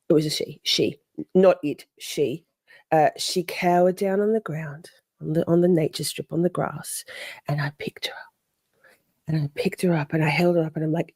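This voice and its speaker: A middle-aged woman tells a story on a live stream, chatty and animated, stopping to greet viewers. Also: low voice, normal speed, no echo, studio quality.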